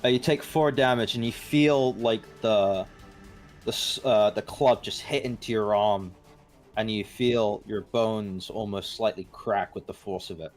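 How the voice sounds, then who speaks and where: A man with a fairly low voice runs a tabletop game as its game master. He describes the action in a loose, casual way, swearing now and then and pausing on fillers. Faint music plays behind him. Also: steady tone. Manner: casual, profane, hesitant fillers.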